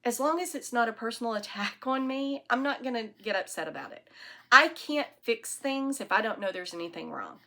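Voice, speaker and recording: A woman's voice: fairly high pitch, lively intonation, fairly quick, bright, forceful tone. A woman hosting her own knitting podcast, chatting casually and rambling to an iPad camera on a tripod at home. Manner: chatty, rambling, self-deprecating. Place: at home, alone.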